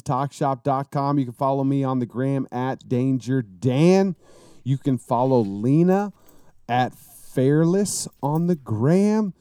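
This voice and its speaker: A man's voice: mid-range voice, dark tone. A man hosting a podcast in casual chat, laid-back and slangy, swearing freely. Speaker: podcast host.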